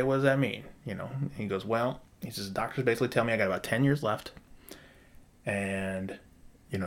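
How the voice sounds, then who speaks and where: Profane man telling a story. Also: on the low side. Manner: profane, animated, acts out dialogue. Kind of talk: casual storytelling.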